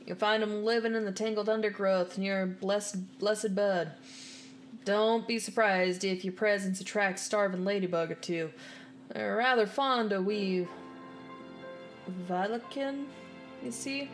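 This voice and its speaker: A woman's voice: medium pitch, unhurried, close to an everyday voice. Woman streamer putting on a homely stablehand guy, rustic drawl, game music playing along. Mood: folksy. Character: folksy male stablehand, patient, country dialect. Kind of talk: reading game dialogue aloud.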